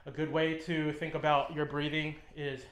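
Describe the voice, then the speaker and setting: A man's voice: on the high side, level tone, moderate pace, fairly bright tone. Man coaching lifts in an echoey gym. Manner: talks while lifting, short coaching cues with frequent ums. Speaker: fitness trainer. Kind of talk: instructional demonstration. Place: gym, indoors.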